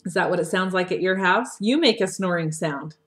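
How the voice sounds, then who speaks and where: A woman teacher talking a young class through a story lesson, asking gentle questions, recorded on a webcam microphone. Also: lowish voice. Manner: slow, coaxing questions to children. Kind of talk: read-aloud lesson for young children.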